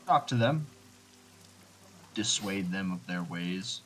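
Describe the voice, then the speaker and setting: A man playing his character in a tabletop game, calm and measured. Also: low-pitched, faint music behind, low-quality recording. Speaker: player. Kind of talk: tabletop role-play.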